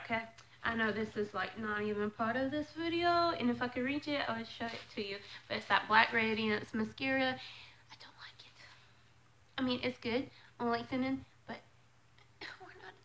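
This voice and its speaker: A woman vlogging as she unboxes a clothing subscription box, chatting casually and gushing with excitement. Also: a little high, slight background noise, low-quality recording.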